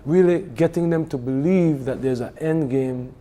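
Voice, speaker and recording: A man from Belize talking about working with musicians, in an animated way with many fillers and restarts. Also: a little high, normal speed. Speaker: music event organizer. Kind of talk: casual studio conversation.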